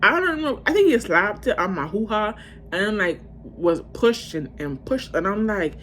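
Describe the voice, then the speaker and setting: A woman in her twenties tells a story to her viewers in a loose, rambling, profane way. Her voice sits in a middle pitch and jumps into loud bursts, with a faint hiss of noise behind her. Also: moderate pace. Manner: animated, profane, rambling with sudden loud outbursts. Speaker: vlogger. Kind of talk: casual storytime.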